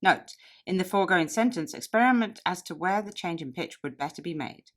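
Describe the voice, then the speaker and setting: Expressive woman reading an audiobook. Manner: expressive, deliberate reading with marked pitch contrasts. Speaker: audiobook reader and toastmaster. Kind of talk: audiobook narration of a speaking manual.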